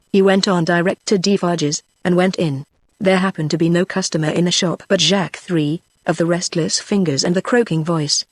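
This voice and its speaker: A woman's synthetic text-to-speech voice with a British accent, giving a steady, even audiobook narration. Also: on the low side, no room sound. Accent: British English. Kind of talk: scripted narration.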